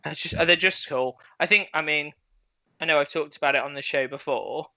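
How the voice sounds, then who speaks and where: A man's voice: on the high side, normal speed, bright, forceful tone, no room sound. A man chatting casually on a hobby show, enthusiastic and rambling with fillers. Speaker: panelist. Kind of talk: casual chat.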